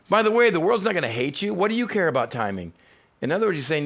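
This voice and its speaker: A man's voice: high-pitched, sing-song, fast, vocal fry, a bit bright. A man, a teaching pastor, giving a sermon in a conversational, humorous preaching style. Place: church.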